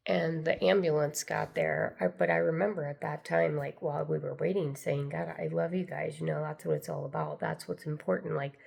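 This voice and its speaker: A woman's voice: deep voice, creaky, a little mellow. An older woman telling a personal story to camera in an earnest, meandering way that circles back and repeats itself. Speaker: spiritual storyteller.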